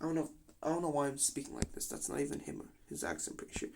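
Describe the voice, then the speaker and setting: A man's voice: a little high, sing-song, fast. A young man giving casual commentary on a game simulation, slangy and full of swearing and joking asides.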